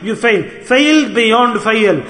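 A high, bright male voice delivers an earnest sermon, pressing his listeners with questions. The sound rings through a large hall with a long, echoing reverb. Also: expressive, slow. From United Kingdom. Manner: earnest, exhorting, questions the audience. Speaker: Sufi sheikh.

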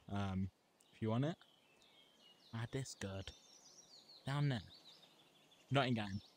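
A young man casually walking through a game mod menu, reading out items in short offhand bursts. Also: on the low side. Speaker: gameplay reviewer. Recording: loud background noise.

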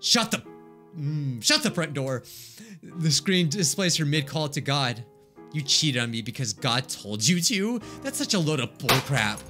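Animated young man reading a game. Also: fairly high pitch, unhurried, music in the background. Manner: animated, dramatic, exclaiming. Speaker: gaming let's play host. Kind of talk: reading game text aloud with reactions.

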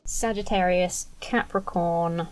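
A woman's voice: fairly low pitch, fairly even intonation, slow. A woman streaming a game who chats, jokes and mutters to herself. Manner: chatty, joking, talks to herself. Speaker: let's play streamer. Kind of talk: casual gameplay commentary.

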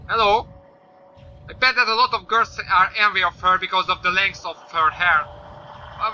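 A man doing let's-play commentary, swearing often and yelling at the game. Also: high-pitched, fairly even intonation, moderate pace. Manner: swears a lot, yells at the game. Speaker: gaming YouTuber. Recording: slightly dull lo-fi mic with faint noise.

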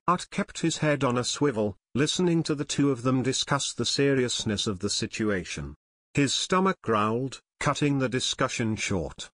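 A man reading his children's fantasy book aloud with steady storytelling. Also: medium pitch, moderate pace, no echo, studio quality. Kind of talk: audiobook narration.

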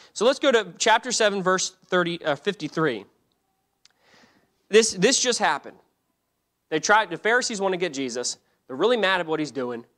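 A man teaching a church Bible lesson, telling the story in an animated way, acting out the quotes, often restarting his sentences. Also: fairly high pitch.

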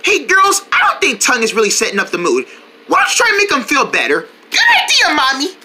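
A woman narrating a children's toy role-play as the mother, in an animated singsong way. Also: a little high, quick pace, background noise.

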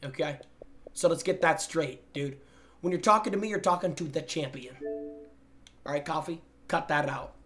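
Loud, teasing young male streamer. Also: fairly high pitch, moderate pace, soft background music. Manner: loud and excitable, teasing, swings between shouting and muttering. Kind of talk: live-stream chat reacting to viewer gameplay clips.

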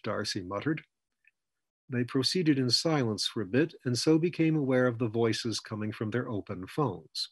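A man narrating his story in a steady, even audiobook reading. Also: medium pitch, normal speed, slightly rough, no echo.

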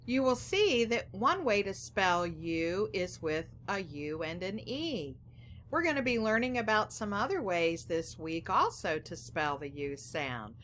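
A woman teacher giving a phonics lesson, speaking gently and directly to young children. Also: medium pitch, slight background noise.

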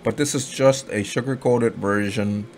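A man talking casually as an online reviewer, rambling and slangy in animated commentary. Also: on the low side, unhurried. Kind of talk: casual commentary over a screen.

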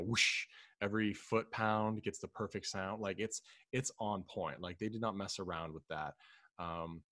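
A man's voice: sits low, fairly bright tone, no echo. A man hosting a casual film-discussion podcast, rambling with many fillers and restarts. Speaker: podcast host.

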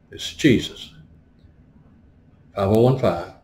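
A man's voice: lowish voice, sing-song, unhurried, pauses often, darkish tone, reverberant. A man preaching a teaching sermon. He explains words one by one and often stops to ask "right?". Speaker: pastor.

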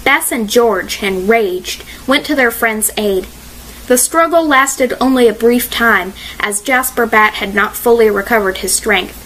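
A woman narrating a mystery audiobook in a measured, expressive reading style. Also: on the high side, slight background noise, low-quality recording.

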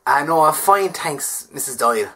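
A man's voice: a little high, lively intonation, normal speed, fairly bright tone, slightly rough, full character voice. A man with an Irish accent playing a polite, flustered Irish priest who stammers as he refuses. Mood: polite refusing.

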